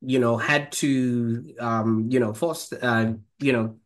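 Male interview host, mid-pitched, rambling and halting, heavy on fillers. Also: fairly even intonation. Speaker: podcast host. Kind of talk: interview questions.

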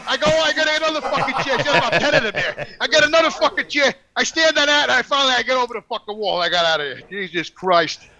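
A middle-aged man telling a profane story, animated and swearing constantly. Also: very high voice, fast, few pauses, crowd noise. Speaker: podcast guest telling a story. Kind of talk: profane storytelling, casual chat.

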